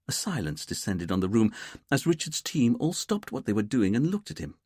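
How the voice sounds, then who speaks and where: A man narrating an audiobook in a steady, measured storytelling manner. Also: mid-range voice, breathy edge, dry recording, clean studio sound. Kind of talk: scripted narration.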